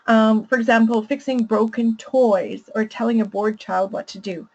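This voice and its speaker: A woman's voice: fairly high pitch, steady tone, moderate pace, lo-fi sound. A woman presenting a parenting lesson, explaining patiently and laughing easily. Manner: warm, explanatory, laughs readily. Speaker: parenting educator. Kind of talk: teaching presentation.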